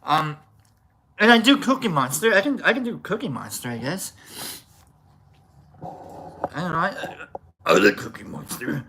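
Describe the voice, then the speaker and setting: Gravelly, lively man rambling on stream. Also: fairly high pitch, unhurried, long pauses. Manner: rambling, swears casually, many restarts. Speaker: livestream host. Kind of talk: casual rambling storytelling.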